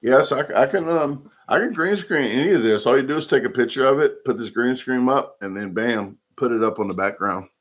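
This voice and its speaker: Brief: male streamer, mid-pitched, loose rambling chat with viewers. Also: brisk, few pauses. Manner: rambling, chatty, reads chat comments aloud. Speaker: livestream host. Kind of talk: casual livestream chat.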